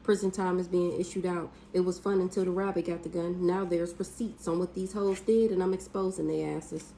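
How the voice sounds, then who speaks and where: A woman doing a casual spiritual reading, blunt and profane, with drawn-out hums and exclamations. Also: fairly low pitch, fairly even intonation, warm tone, a little hiss or hum, rough recording. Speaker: spiritual reader.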